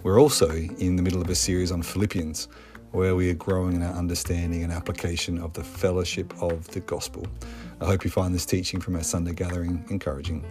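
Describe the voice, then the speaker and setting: A man giving a slow, measured podcast intro for a church. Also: low-pitched, flat delivery. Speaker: podcast host introducing the sermon. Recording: faint guitar music behind. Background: soft guitar music.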